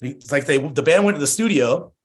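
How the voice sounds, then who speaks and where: A man's voice: fairly high pitch, lively intonation, fairly quick. A man guesting on a podcast, chatting casually, laid-back, swearing freely and acting out the voices of people in his stories. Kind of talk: casual chat.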